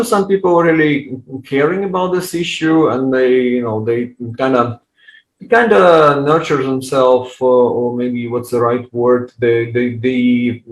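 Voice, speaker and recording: A man with a Ukrainian accent, a native Russian speaker, giving measured, explanatory answers as an expert guest, pausing often to find words. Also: medium pitch. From Ukraine (Odessa). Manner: measured, explanatory, with frequent hesitations. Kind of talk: analytical interview answers. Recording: echoey room.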